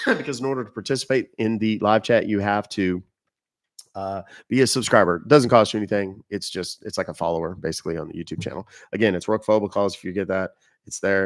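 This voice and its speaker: Middle-aged male streamer, lowish voice, loose and profane, nursing a cough. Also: normal speed, dry recording, studio quality. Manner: loose, joking, swears freely. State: coughing and sniffling. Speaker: livestream host baiting scammers. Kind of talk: casual live-stream chat.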